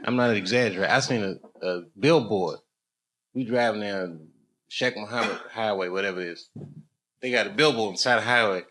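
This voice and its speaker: On a comedy club stage, a man does crowd work and tells loose stories full of swearing and laughter, with crowd noise from the live recording. His voice is on the low side, brisk and a bit bright.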